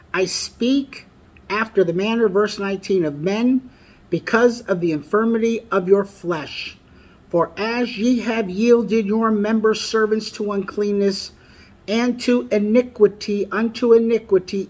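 A man delivers a sermon in a husky, breathy voice. He reads scripture aloud and presses his points emphatically, repeating the lines that matter most. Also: high-pitched. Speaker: preacher.

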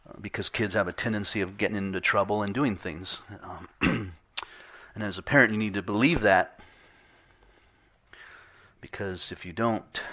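A man's voice: lowish voice, fairly bright tone. Man preaching a conversational sermon. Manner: conversational preaching, acts out quoted voices. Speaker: pastor.

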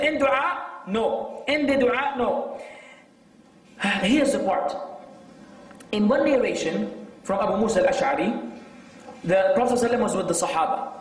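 A man giving a religious lecture, animated and exhorting, often quoting Arabic texts. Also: very high-pitched. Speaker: Islamic lecturer. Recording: echoey hall, from far off.

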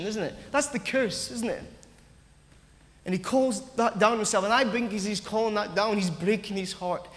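A man's voice: sits high, moderate pace, big-room sound. A man preaching a sermon in church, earnest, acting out the voices of the doubting, often stumbling and restarting his sentences.

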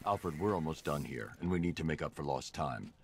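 A stern masked vigilante in a video game, giving terse commands in an extremely low, rumbling voice. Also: male voice, animated, fairly quick, a little hiss or hum.

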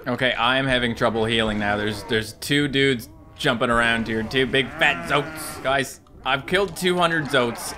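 A man in his thirties giving excitable, jokey let's-play commentary, talking to enemies and viewers. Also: mid-range voice. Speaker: gaming YouTuber.

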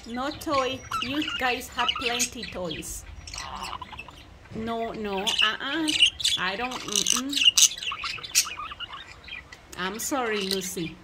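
A woman's voice: fairly high pitch, extremely slow, long pauses, heavy background noise. A woman talking to her pet budgies in an outdoor aviary in a cooing, doting baby-talk voice. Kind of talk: casual chat with pets. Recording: loud bird chatter over the voice. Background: loud budgie chirping and squawking.

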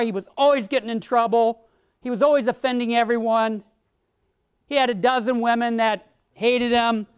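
Slow, playful woman teaching a workshop. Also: a little high, clean tone, no echo, studio quality. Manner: playful, jokey examples. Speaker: workshop instructor. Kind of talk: classroom lecture with audience questions.

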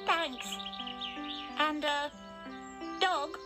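A woman's voice: sits high, fairly even intonation, drawn-out words, over music. A woman voicing a fretful little female duck in a children's cartoon, speaking in anxious questions. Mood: grateful. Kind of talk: children's TV voice acting.

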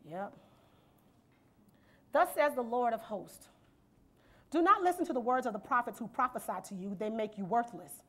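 A woman's voice: on the high side, sing-song, normal speed, pauses often, fairly bright tone. A woman preaching a sermon in a church, reading scripture verse by verse and asking the congregation rhetorical questions and "amen?". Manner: rhetorical questions and call-and-response, asks "amen?"; reads scripture aloud and explains it verse by verse.

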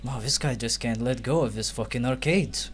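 A man's voice: medium pitch, moderate pace, slight background noise. A man giving sarcastic, swearing commentary while playing a game. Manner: sarcastic, swearing, mocking the game's text. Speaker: let's play commentator. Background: faint game music.

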